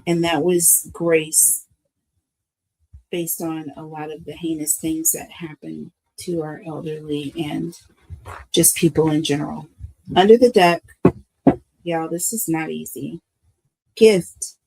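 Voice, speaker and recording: A woman's voice: low-pitched, flat delivery, unhurried, vocal fry, a little mellow, slightly rough, poor audio. An older woman, a grandmother, giving a live tarot reading to her viewers in an emotional, preachy way and calling them y'all. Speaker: tarot reader.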